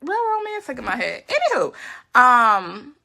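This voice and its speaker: Gravelly, animated woman tarot reader. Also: fairly high pitch, normal speed. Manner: chatty, blunt and profane, laughs often. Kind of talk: casual collective tarot reading to viewers.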